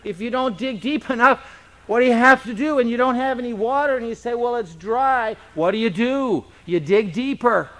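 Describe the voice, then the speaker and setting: A man's voice: extremely high pitch, fairly quick, a bit bright. A male pastor teaching a Bible passage in a conversational sermon, often checking in with rhetorical questions.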